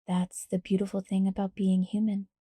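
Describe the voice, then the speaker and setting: A woman voicing a calm, teasing teenage vampire boy in a soft, hushed, near-whispered delivery. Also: mid-range voice, normal speed, breathy edge, dry recording, studio quality, natural voice. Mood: tender.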